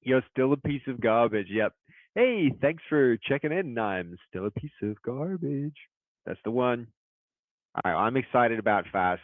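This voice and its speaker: A man who runs a game studio, chatting casually on a live stream, excitable and hyped, now and then bursting into loud shout-outs. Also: medium pitch, measured pace, no echo. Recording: tinny, phone-like dry sound.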